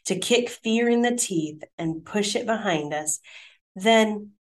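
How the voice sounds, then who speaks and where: Brief: middle-aged woman, co-host, animated testimony style, mid-pitched. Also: slow pace. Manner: animated, encouraging storyteller. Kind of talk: casual faith chat and personal story.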